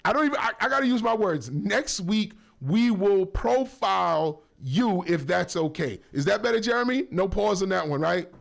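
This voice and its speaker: Gravelly, rambling male radio host. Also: sits high, animated, normal speed, hardly any pauses. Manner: rambling and joking, full of shout-outs and self-corrections. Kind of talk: casual talk radio. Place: radio studio.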